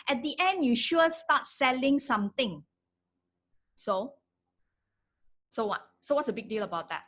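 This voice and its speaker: A middle-aged woman leads a live online class. Her voice sits a little high, and she talks in an animated, emphatic way, driving points home by saying them twice. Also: unhurried. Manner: animated, emphatic, repeats key phrases. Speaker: online presence trainer. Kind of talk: live webinar teaching.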